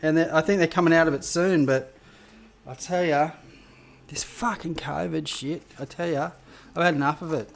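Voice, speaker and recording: Chatty Australian man, slightly high voice. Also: steady tone, moderate pace, gravelly, slight background noise. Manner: chatty and rambling, swears casually, greets viewers. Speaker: cooking show host. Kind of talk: casual live-stream cooking chat. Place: home kitchen.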